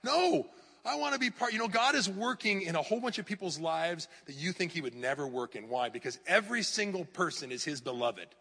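A middle-aged male pastor preaching an animated sermon in a church, sometimes mocking clickbait headlines in a raised voice. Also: fairly high pitch, fairly quick, few pauses, husky, long reverb tail. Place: church hall.

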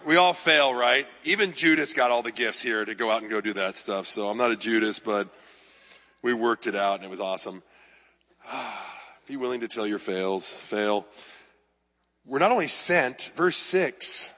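A man preaching as a pastor, telling lively anecdotes with self-deprecating humor. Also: medium pitch, normal speed. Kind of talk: storytelling sermon. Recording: long reverb of a large hall.

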